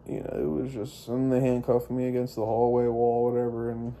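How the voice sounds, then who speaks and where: A man's voice: medium pitch, fairly quick, warm tone, a little hiss or hum. A young man telling a personal story in a rambling, profane monologue, full of fillers and restarts. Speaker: vlogger.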